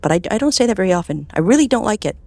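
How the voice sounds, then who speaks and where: A woman, a clinical hypnotherapist, talking as a guest in an interview, telling stories with animated swings up in pitch and soft whispers on quoted phrases. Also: rapid-fire, gravelly, dry recording. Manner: animated storytelling, voice jumping high with enthusiasm. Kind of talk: conversational interview.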